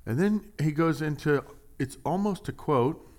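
A man preaching a conversational sermon as pastor, animated and joking, swinging from hushed asides to loud emphasis. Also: on the high side, measured pace.

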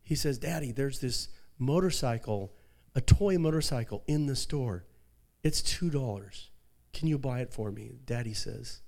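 A man preaching a sermon as pastor, telling a story softly and then rising into fervent, high-pitched preaching. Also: expressive, a little slow, gravelly.

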